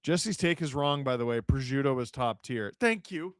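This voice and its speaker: A man, hosting a live hockey watch-along, calling the play and reading chat with jokes and shouts at big moments. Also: medium pitch, normal speed, no room sound, studio quality. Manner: excitable, shouts at big plays, jokey.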